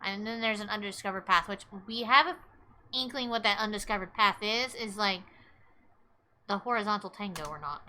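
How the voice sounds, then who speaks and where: Bright chatty woman streamer. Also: mid-range voice, normal speed, slight background noise. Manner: chatty, rambling, swears freely, thanks viewers. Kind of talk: casual live game commentary.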